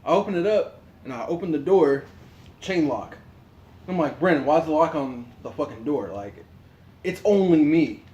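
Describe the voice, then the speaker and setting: A man tells a story on a podcast in a loose, profane, animated way, laughing often. His voice sits a little high. The room is echoey. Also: moderate pace, muffled recording. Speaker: podcast co-host. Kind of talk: casual storytelling among friends.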